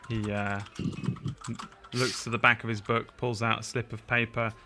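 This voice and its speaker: A man narrating as game master of a tabletop game, in a relaxed, halting way. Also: fairly low pitch, faint music behind.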